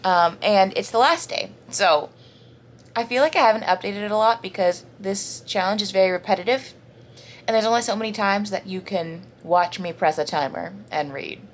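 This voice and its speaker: A woman's voice: mid-range voice, normal speed, a little hiss or hum. A young woman from the American South chatting casually in a reading vlog, rambling with lots of fillers. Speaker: book vlogger.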